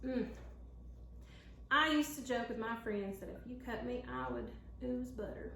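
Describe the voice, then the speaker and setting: A woman's voice: high voice, moderate pace, a bit bright, echoey room. A woman with a Southern American accent, chatting folksily to viewers in a casual cooking vlog from her home kitchen. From Tennessee. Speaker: home cook.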